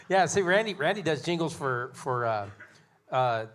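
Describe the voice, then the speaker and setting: A man's voice: on the high side, lively intonation, a little slow. Laughing, hesitant guitarist man. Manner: laughing, hesitant, self-deprecating. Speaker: guitarist in the band. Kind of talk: casual chat.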